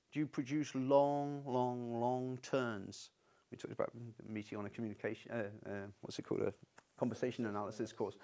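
A man's voice: medium pitch, a little mellow. A man giving a university lecture in a conversational, unscripted way, often restarting his sentences. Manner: conversational, stubborn-toned, frequent restarts.

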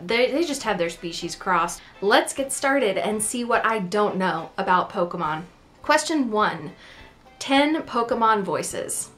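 A woman's voice: mid-range voice, a bit bright. A woman vlogger in casual chat, playful and self-deprecating, talking to the camera.

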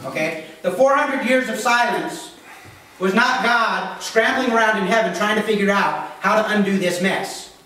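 High-voiced pastor in an echoey church. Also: male voice, normal speed, pushed and bright. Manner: plainspoken, keeps checking in with the congregation. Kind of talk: sermon. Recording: echoey church hall recorded from a distance.

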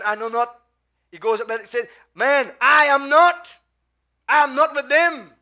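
A Trinidadian man preaching a sermon as pastor, calling out questions to the congregation and swinging between loud and hushed delivery. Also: sits high. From Trinidad and Tobago.

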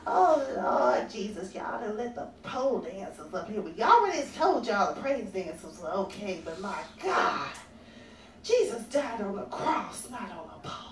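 A woman voicing a pious, scolding old church lady at a comedy club, with a drawn-out preachy way of talking. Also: mid-range voice, very animated, reverberant, recorded from a distance, slight background noise.

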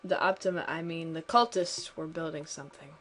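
A woman's voice: sits low, fairly even intonation, brisk, a bit bright. A woman reading the lines of a put-upon building inspector in a game, plainly and matter-of-factly.

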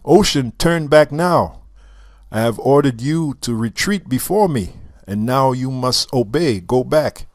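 A man voicing a proud king who commands the sea, speaking slowly and emphatically. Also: mid-range voice, animated, no echo, studio quality, close to an everyday voice. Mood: furious. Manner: slow, emphatic royal proclamation.

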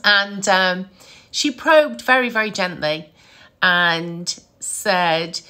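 A middle-aged woman, a psychic medium telling family stories in a chatty, animated way and laughing often. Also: lowish voice, measured pace. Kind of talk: casual storytelling to camera.

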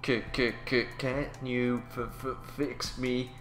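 Man playing a broken game robot, slow, stuttering, halting, roomy echo. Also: mid-range voice, flat delivery, fairly bright tone, faint music behind. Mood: glitchy.

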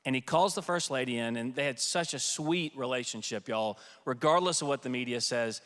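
A man on a conference panel, a former White House staffer telling lively anecdotes and acting out quoted voices. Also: mid-range voice, a little fast. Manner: lively storyteller who acts out quoted voices. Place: conference hall stage. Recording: long hall reverb.

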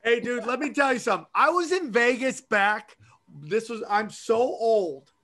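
A man's voice: very high voice, moderate pace. A middle-aged man, a podcast host and comedian, telling rambling, profane stories in casual chat. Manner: profane, animated storytelling. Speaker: podcast host and stand-up comic.

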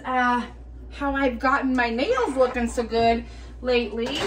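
A woman vlogging casually from home, chatty and rambling, now and then talking to her cats in a soft baby voice. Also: a little high, slight background noise. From United States. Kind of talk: casual day-in-the-life vlog.

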